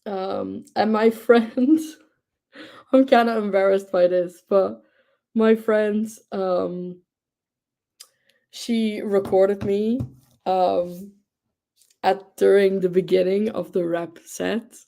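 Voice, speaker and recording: Slow, gravelly young woman chatting. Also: mid-range voice, steady tone, mellow. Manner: gushing, enthusiastic, chatty with many fillers. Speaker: livestream host. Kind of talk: casual chat.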